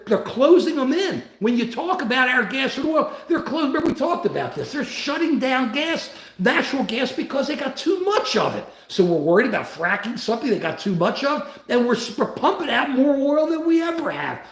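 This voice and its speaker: A man's voice: very high voice, echoey room. A man hosting a casual livestream, talking in a worked-up way and reading out viewer comments. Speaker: livestream host.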